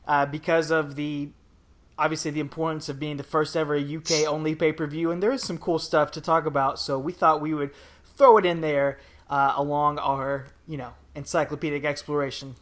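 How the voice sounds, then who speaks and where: Brief: young man, casual podcast host, playful, talkative, slightly high-pitched. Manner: jokey, chatty, plenty of fillers.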